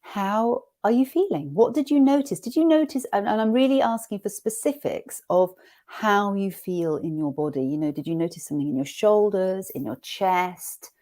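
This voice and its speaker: A woman leading an online teacher-training session, guiding the group through an awareness exercise in a gentle, inviting way. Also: mid-range voice, lively intonation. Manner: gentle, inviting, slows for guided reading. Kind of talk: guided classroom exercise.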